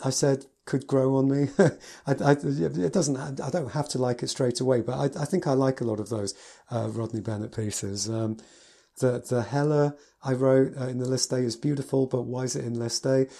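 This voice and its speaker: Male piano teacher, casual review from notes, mellow voice, enthusiastic. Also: medium pitch, fairly even intonation, moderate pace, creaky. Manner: enthusiastic, gushing with adjectives.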